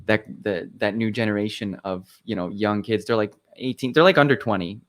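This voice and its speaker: A man's voice: fairly low pitch, brisk. A young man on a podcast, talking casually and rambling through a story with lots of fillers and restarts. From Canada. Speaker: podcast guest. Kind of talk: casual chat.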